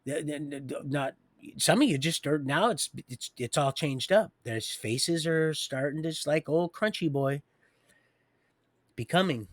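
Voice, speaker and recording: Older man, livestream host, rambling preachy monologue, halting restarts, whispers then loud declarations, dry sound. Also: a little high, expressive, dry recording.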